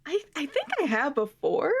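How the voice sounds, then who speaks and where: Brief: female stream guest, high and bouncy, quick to exclaim. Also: gravelly, slight background noise. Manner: excitable, exclamatory. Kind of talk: casual live-stream chat.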